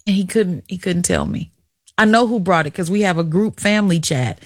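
A woman's voice: lowish voice, lively intonation, brisk, no echo. Middle-aged lady on talk radio, opening up, chatty and emotional, dry close mic. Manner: candid, emotional, confiding, chatty. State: tearful at times. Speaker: radio talk show host. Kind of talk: emotional personal radio monologue.

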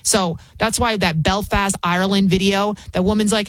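A woman's voice: mid-range voice, steady tone, normal speed, no echo. A woman filling in as a talk radio host, ranting in a combative, mocking way with frequent restarts. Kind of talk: opinionated talk radio rant.

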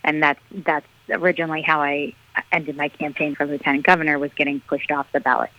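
A woman political candidate speaking as a radio interview guest, energetic, earnest and rallying. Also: low voice, brisk, muffled recording.

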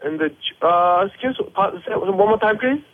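A man with a Korean accent, speaking halting broken English on a phone call as a restaurant worker. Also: high voice, expressive, slightly rough. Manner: halting broken English, gets loud and indignant. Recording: phone line.

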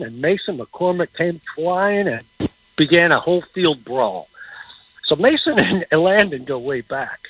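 Husky man talking football on a muffled line. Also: mid-range voice, no echo. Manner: halting, repeats words, chuckles. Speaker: football reporter guest. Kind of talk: casual sports talk on radio.

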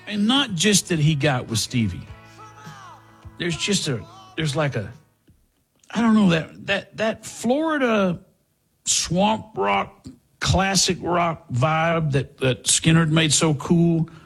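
Very husky gravelly older man. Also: a little high, expressive, slow pace, soft background music. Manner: rambling, with restarts and asides to a co-host. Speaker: talk show host. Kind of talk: casual commentary monologue.

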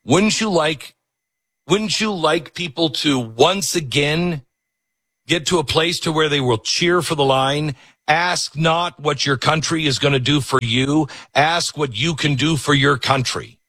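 A man's voice: on the high side, a little slow, fairly bright tone, slightly rough, dry recording. A man hosting a talk radio show, delivering a sarcastic political rant from a studio microphone and mocking others in put-on voices. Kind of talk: ranting political monologue. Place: broadcast studio.

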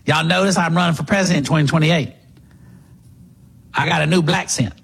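A man mocking a woman politician who puts on a folksy drawl, in a husky, raised voice. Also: on the high side, fairly even intonation, fairly quick, a bit bright, heavily acted.

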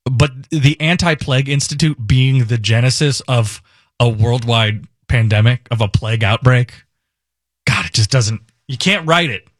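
Speaking at medium pitch and a moderate pace, a substitute radio host rambles through casual chat, cracking jokes and fixing his own words mid-sentence. The studio mic gives a clean sound without echo.

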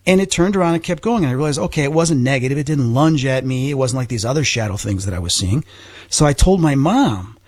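A middle-aged man, a guest, recounting a personal experience in an animated, earnest way. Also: mid-range voice, quick pace, slightly rough, no room sound. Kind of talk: personal storytelling.

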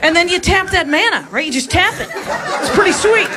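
A woman's voice: very high voice, normal speed, very noisy. A woman performing a stand-up comedy routine, telling stories and acting out the lines of the people in them. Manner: animated storytelling, acts out quoted lines. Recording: live club with crowd laughter. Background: audience laughing.

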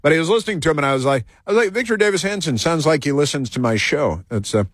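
A man's voice: on the high side, animated, very fast, no room sound, clean studio sound. A man hosting a talk show, delivering a rambling monologue full of fillers and restarts.

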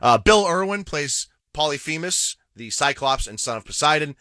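A man's voice: on the high side, expressive, normal speed, bright, forceful tone, no room sound, clean studio sound. A man co-hosting a radio podcast, chatting casually about a movie and stumbling a little over cast names. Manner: reads cast lists with hesitant name stumbles. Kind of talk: casual movie review chat.

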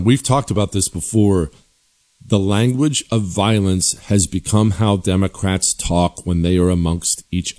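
A man hosting a political commentary show, talking forcefully and sarcastically with emphatic repetition. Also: deep voice.

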